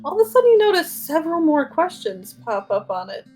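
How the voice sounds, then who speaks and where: A woman's voice: very high-pitched, sing-song, brisk, darkish tone, soft background music. A woman running a tabletop role-play game as game master, narrating scenes in second person and laughing often.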